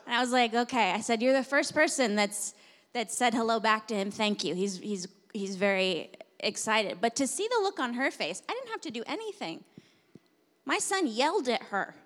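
A young adult woman pastor preaching a sermon in a church, telling an animated story and then praying. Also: fairly high pitch. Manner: animated storytelling, laughing at times, then prayer. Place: church sanctuary. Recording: reverberant church hall.

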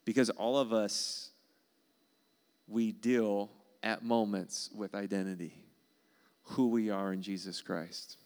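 A man preaches a sermon earnestly, driving points home by repeating them. His voice sits low and has a gravelly edge. Under the grit the tone stays smooth and resonant. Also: steady tone, slow, a little mellow. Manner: earnest, emphatic preaching with repetitions. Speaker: pastor.

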